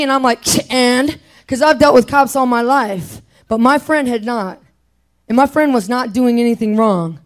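Lively woman preaching through a story. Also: fairly high pitch. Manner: animated, acts out quoted voices; casual, slangy. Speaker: speaker. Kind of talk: storytelling sermon.

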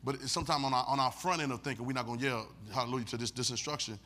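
A man preaching a sermon with folksy, laughing asides, leading call-and-response and swinging from quiet talk to shouts. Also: medium pitch, steady tone, racing. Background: congregation responding.

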